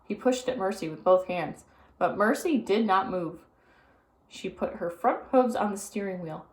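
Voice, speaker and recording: A woman narrating a children's book aloud in an expressive storytelling manner. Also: mid-range voice, normal speed. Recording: roomy echo.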